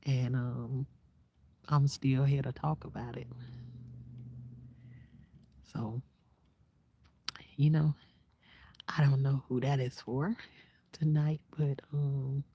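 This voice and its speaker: A woman vlogger talking casually and reflectively to her viewers, soft-spoken and half-whispering, sitting outdoors at night in the quiet countryside. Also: rumbling low, fairly even intonation, slow, pauses often, slightly rough. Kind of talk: casual heartfelt talk to viewers.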